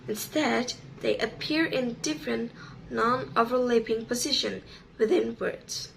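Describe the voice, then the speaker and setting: A woman student reading a class presentation on sound rules, slow and careful. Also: fairly high pitch, creaky, a little hiss or hum, poor audio.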